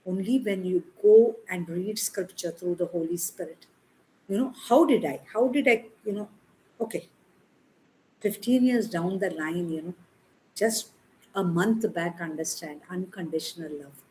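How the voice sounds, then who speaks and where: A woman's voice: fairly low pitch, unhurried, warm tone, low-quality recording. A woman in her thirties with an Indian English accent, preaching an emphatic sermon and acting out her prayers to God. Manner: emphatic, repeats words for stress.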